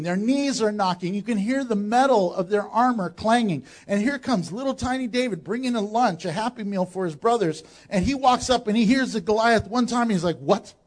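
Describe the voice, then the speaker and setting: A man preaching a sermon as pastor, animated and joking, acting out quotes as he goes. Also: very high voice.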